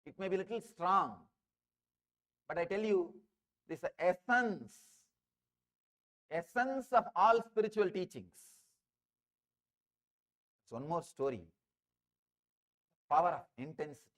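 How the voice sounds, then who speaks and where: A man's voice: high-pitched, lively intonation, slow pace, long pauses, a bit bright. A man with an Indian English accent giving a spiritual discourse, telling parables and repeating phrases for emphasis. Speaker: spiritual teacher.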